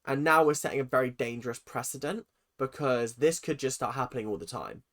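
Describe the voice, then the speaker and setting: Brief: twenties reactor, sarcastic, animated, swears a lot, mid-pitched voice. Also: brisk. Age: 20s. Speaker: reaction video host. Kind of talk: ranting reaction commentary.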